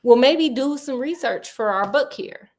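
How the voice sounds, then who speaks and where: Give me an animated woman storyteller, casual and slangy, with a slightly high voice. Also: a little slow. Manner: chatty, animated, slangy, playful asides. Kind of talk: casual book retelling.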